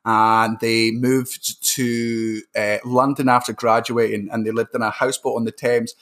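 A young Scottish man, a comedian guest, telling stories in a sweary, animated way during a casual podcast chat. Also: mid-range voice, unhurried. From Scotland.

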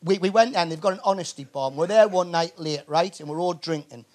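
A man's voice: on the high side, fast talker. A man with a Geordie accent, a comedian and actor, telling rambling, swear-filled anecdotes as a guest. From Newcastle, England. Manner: animated storyteller, swears freely, many restarts. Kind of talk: anecdotal chat before a live audience.

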